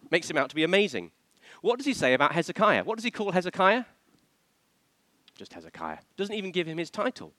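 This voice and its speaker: A man's voice: sits high, wildly swooping pitch, fast talker, a bit bright, dry recording. A man preaching a sermon, asking the congregation questions and acting out the voices he quotes.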